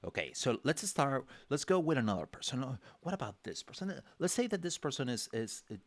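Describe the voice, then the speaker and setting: A man teaching drawing on a livestream talks briskly in a medium-pitched, sing-song voice, and the recording is dry. He rambles and chats with lots of fillers and restarts, acting out characters' reactions in small voices.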